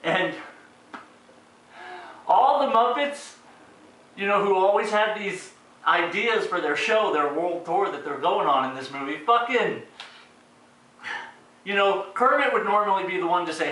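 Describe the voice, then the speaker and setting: A man's voice: sits high, lively intonation, normal speed, long pauses, bright, forceful tone. A man giving a casual, sarcastic and profane ranting review of a movie, sounding exasperated. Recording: very echoey room, distant mic.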